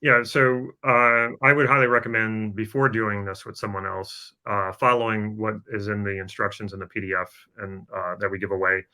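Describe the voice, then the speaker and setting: A man on a podcast explains his method in a relaxed, coaching way. He hesitates often and restarts his sentences. His voice sits low but sounds bright and forward. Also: normal speed, hardly any pauses. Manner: explanatory, coaching tone with frequent fillers. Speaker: podcast co-host. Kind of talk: casual podcast chat.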